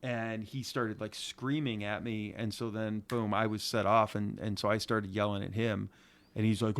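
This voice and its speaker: On a podcast he co-hosts, a middle-aged man from Ohio recounts a casual story about coaching youth softball, acting out the quotes with animation. His Northeast Ohio accent comes through in a lowish voice with vocal fry, at a normal speed.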